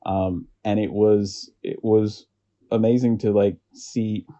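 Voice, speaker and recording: An American man talking as a podcast guest in casual chat, rambling and halting, often stopping to restart his sentences. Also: lowish voice, level tone, mellow, lo-fi sound. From United States.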